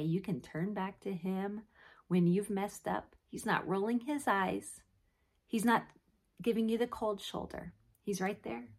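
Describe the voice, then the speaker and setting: Earnest breathy-voiced woman podcast host. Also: on the low side. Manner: earnest, asks rhetorical questions. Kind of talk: devotional podcast talk.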